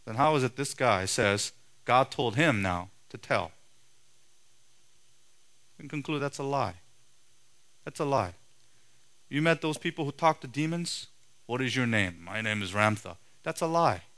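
A man preaching a sermon in a forceful, emphatic way, his voice swelling loud and then dropping low. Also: lively intonation, unhurried, long pauses. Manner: forceful, emphatic preaching with sharp rises and drops in loudness.

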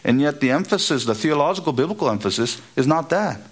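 A man preaching an expository sermon, emphatic and building to high, repeated exhortations. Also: lively intonation, fast talker.

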